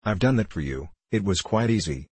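A man's voice: sits low, animated, fairly quick, no echo. A man voicing a grumpy old sand fairy. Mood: grumbling. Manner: gruff, offhand muttering.

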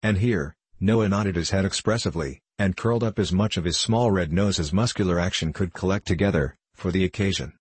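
Deep, husky male audiobook narrator. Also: darkish tone, no room sound. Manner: measured, formal storytelling. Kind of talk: audiobook narration of a classic novel.

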